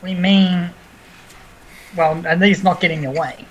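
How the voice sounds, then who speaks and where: A man playing a tabletop game, speaking in a hesitant, halting way. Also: high-pitched, steady tone, dull audio, slight background noise. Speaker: player. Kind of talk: casual tabletop play.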